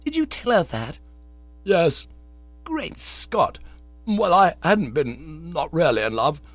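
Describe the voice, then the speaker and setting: A frantic young gentleman, excitable and despairing, his words tumbling out high and loud, as a man puts him on for an audiobook. The sound is dry, with no room around it, and slightly dull. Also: no echo, full character voice. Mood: agitated. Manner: agitated, higher and louder than the narration, rushing. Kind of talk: audiobook character voice.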